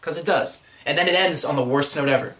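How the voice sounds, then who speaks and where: A man hosting a casual movie-review podcast, ranting and animated, often slipping into silly voices. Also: fairly high pitch, fast. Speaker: podcast host.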